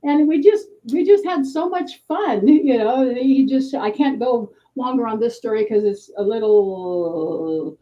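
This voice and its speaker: A woman author telling an animated anecdote to a live bookstore audience, acting out the voices of the people in her story. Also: fairly high pitch, a little slow, hardly any pauses, lo-fi sound. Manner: acts out the voices in her anecdote, lively and self-deprecating. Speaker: author at a book talk. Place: bookstore event room.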